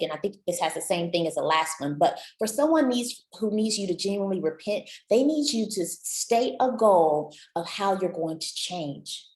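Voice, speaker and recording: A woman's voice: medium pitch, darkish tone. Upbeat woman coach, echoey room. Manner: encouraging and chatty, addresses listener directly. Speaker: relationship coach. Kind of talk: motivational talk to camera.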